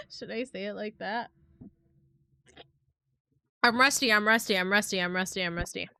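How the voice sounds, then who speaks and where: A woman's voice: medium pitch, big pitch swings, a little slow, pushed and bright, no room sound, studio quality. A young woman live streamer chatting casually with her viewers, rambling and giggling, swearing now and then.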